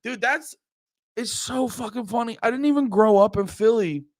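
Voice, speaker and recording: A man's voice: very high-pitched, normal speed, darkish tone, no room sound. Profane, joking male streamer. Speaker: live streamer. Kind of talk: casual live-stream chat with viewers.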